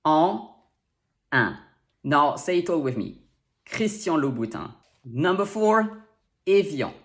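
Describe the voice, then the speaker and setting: A man who teaches French pronunciation, speaking English in a clear, deliberate scripted lesson and slowing down to spell out sounds. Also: on the high side.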